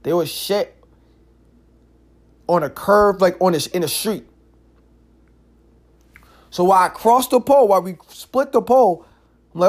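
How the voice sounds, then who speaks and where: A man with a slightly higher voice talks through a casual solo podcast. He tells stories in loose, slangy street talk, swears often, and keeps saying "yo" and "like". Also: measured pace, pauses often. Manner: animated, slangy storytelling with frequent "yo" and "like"; curses freely. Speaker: podcast host.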